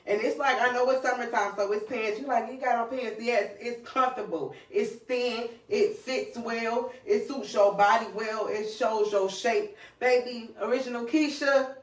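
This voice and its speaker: A woman's voice: a little high, measured pace, few pauses. Passionate woman hosting her podcast, echoey. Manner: passionate, repetitive, preachy. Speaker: podcast host. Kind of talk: solo podcast monologue. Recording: echoey room, distant mic.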